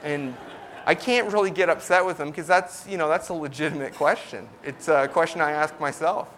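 Relaxed, conversational male preacher. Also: a little high, normal speed, a little hiss or hum. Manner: conversational, many fillers and restarts, explanatory. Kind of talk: casual sermon teaching.

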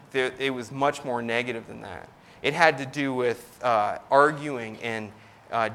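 A male preacher in his thirties talks through his sermon in an easygoing, explanatory tone, full of ums and restarts. His voice sits at a middle pitch. A faint hum of ambience sits behind him. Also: a bit bright. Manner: conversational, many fillers and restarts, explanatory. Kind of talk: casual sermon teaching.

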